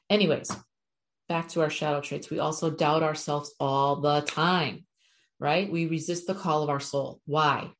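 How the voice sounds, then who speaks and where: Speaking in a low voice, a middle-aged woman who works as an animal communicator gives her viewers a chatty, frank spiritual talk. She swears casually as she goes.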